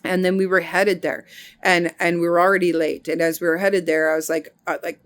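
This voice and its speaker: A middle-aged woman giving an earnest, unhurried spiritual monologue, often pausing to search for words. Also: on the low side, little pitch movement. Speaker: spiritual healing teacher.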